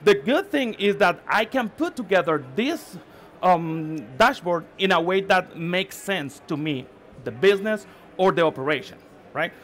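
A man from Mexico with a Mexican accent gives a live tech talk at a conference. He speaks in a halting way, restarts words, and keeps checking in with the audience. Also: sits high, expressive, a bit bright. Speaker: conference presenter. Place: conference session room.

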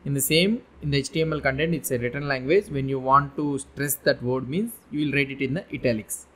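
A man's voice: medium pitch, brisk, fairly bright tone. A man giving a coding tutorial, explaining in an informal, meandering way with frequent restarts and repetitions. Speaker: web development instructor. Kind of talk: coding tutorial, screen-share lesson.

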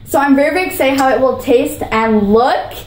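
A high-voiced woman gushes over food in an excitable vlog, bubbly and repeating her praise. Her voice rings in an echoey room, with a faint hiss behind it. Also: a little fast. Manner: bubbly, gushing, repeats herself. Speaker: vlogger.

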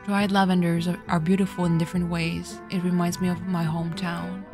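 A woman's voice: lowish voice, little pitch movement, a little fast, over music. A woman streamer giving casual let's-play commentary, reading the game's text aloud and then getting tearful and swearing.

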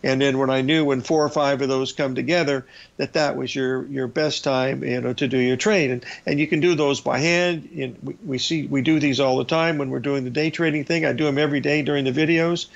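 A man's voice: medium pitch, steady tone, brisk, creaky, few pauses. An older man hosting a trading talk show, telling rambling anecdotes with restarts and acting out the lines of the people in his stories. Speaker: radio show host and trading educator. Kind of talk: casual storytelling on a talk show. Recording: dull, lo-fi broadcast audio.

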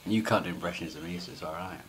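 A man's voice: low-pitched, racing, a bit bright. A young man chatting at a home lunch, wry and chuckling as he teases a friend. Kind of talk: casual joking chat over lunch.

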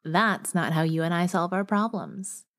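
A woman voicing an upset young woman who brushes off questions with a lighter, higher voice, in an audiobook. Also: normal speed, dry recording, clean studio sound, natural voice. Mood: evasive.

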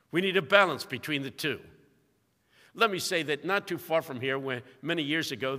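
An older man preaching a sermon in a university chapel, telling stories with big swings between loud, emphatic lines and quiet, hushed ones. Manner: storytelling, dramatic swings in volume and pitch. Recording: long hall reverb.

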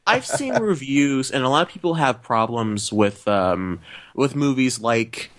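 A man's voice: medium pitch, expressive, a little slow, a bit bright. A man hosting a film podcast, making long enthusiastic points about movies with frequent restarts. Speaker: podcast host. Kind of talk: casual film chat.

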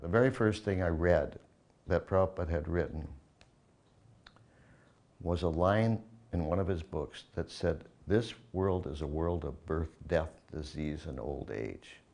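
Man, very deep voice, slow measured recollection. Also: creaky, a little mellow. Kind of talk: reflective storytelling.

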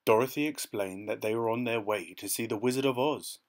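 A man reading a classic children's tale aloud, telling it expressively at an even storybook pace in a mid-pitched voice. He sounds like he is reading to children. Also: a little fast, hardly any pauses. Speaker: storybook reader.

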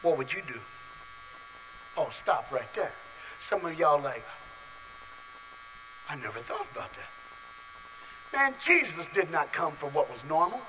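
High bright animated youth preacher man. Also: normal speed, slight background noise, low-quality recording. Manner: playful, calls on audience members, swings from quiet to shouting. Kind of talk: lively youth sermon. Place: large hall with a live audience.

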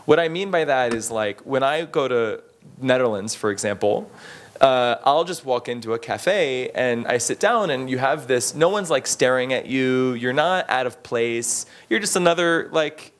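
A man giving casual, animated interview answers, full of fillers and restarts, who slips into playful voices when quoting people. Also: medium pitch, moderate pace. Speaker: interviewee, expat in the bar trade.

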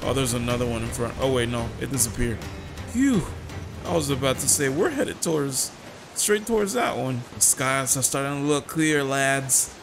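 Excitable man commenting on a game. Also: medium pitch, normal speed. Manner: excitable, laughing, talks to himself. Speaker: gaming channel host. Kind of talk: casual gameplay commentary. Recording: voice over loud game music.

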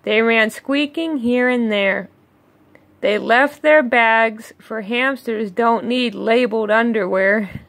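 A woman reading a rhyming children's picture book aloud, slow and measured, with chuckling asides between pages. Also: on the high side, a bit bright, dry recording. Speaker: read-along storyteller.

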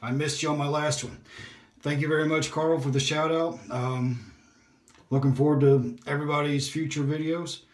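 A man hosting a shaving video, chatting in a relaxed, rambling way and talking to himself as he shaves. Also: on the high side, moderate pace. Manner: relaxed, rambling, self-talk while shaving. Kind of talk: casual shaving vlog chat. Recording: echoey room.

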